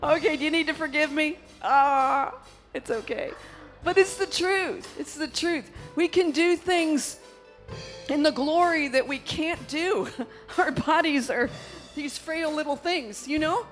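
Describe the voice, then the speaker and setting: A middle-aged woman preaching a charismatic sermon, breaking into laughter and shouts of praise between calmer stories. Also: sits high, unhurried, faint music behind.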